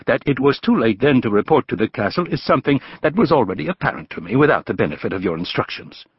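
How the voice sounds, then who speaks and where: A man doing a calm, cool land surveyor. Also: mid-range voice, fast, slightly rough, lo-fi sound. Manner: calm, soft-spoken, dry. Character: weary male land surveyor, cool and proud.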